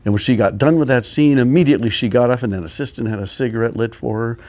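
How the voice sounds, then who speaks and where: An older man tells rambling personal stories in a casual, meandering manner, chuckling frequently and pausing a lot. His voice is medium-pitched with a darkish tone.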